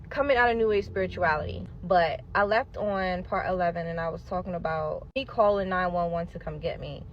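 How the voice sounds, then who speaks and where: A woman telling her own story in a casual storytime monologue, emphatic and animated, acting out what people said and talking straight to her listeners. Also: on the low side, muffled recording, slight background noise. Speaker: storyteller sharing a personal testimony.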